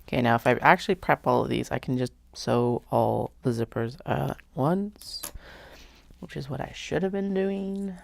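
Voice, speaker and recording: A woman's voice: very deep voice, moderate pace, creaky, a little mellow, no room sound. A woman vlogging casually while sewing, chatty, muttering and half-whispering to herself as she works.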